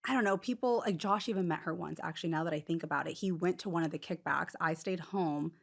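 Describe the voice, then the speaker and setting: A woman's voice: on the low side, fast talker, vocal fry. A woman in her thirties, a podcast guest, telling a personal story in a rambling, casual way with lots of fillers. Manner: rambling, many "like" fillers, acts out quotes.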